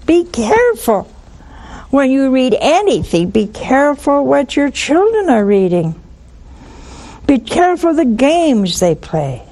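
A woman's voice: high voice, unhurried. An older woman giving spoken religious teaching on a call-in show, acting out little dialogues as she talks. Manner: lively, acts out little dialogues. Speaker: nun hosting a call-in show.

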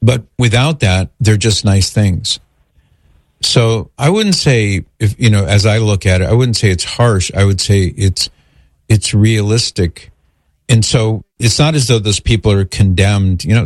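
A man's voice: lowish voice, measured pace, a little mellow, no room sound, studio quality. A man hosting a call-in religious Q&A, answering a caller's question in an earnest, explanatory way and citing scripture.

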